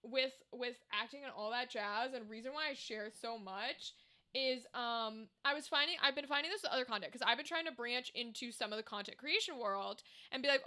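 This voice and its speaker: A young woman chats on a home live stream in a high, bright voice. She rambles, trails off and answers chat as it comes in. Her mic sits on a cluttered table in her room. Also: fairly quick. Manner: chatty, rambling, reacts to chat. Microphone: desk microphone.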